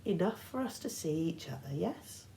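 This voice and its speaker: A woman voicing a soothing old female monster posing as a kindly grandmother, with a soft, coaxing purr. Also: lowish voice, very animated, normal speed, creaky, a little hiss or hum, low-quality recording. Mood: sweetly coaxing.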